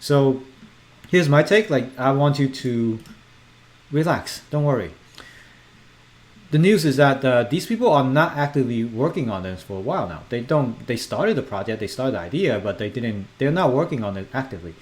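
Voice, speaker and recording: A man giving casual, animated commentary as a crypto video host, emphatic and repetitive as he reassures viewers. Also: medium pitch, fairly quick. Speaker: crypto YouTuber.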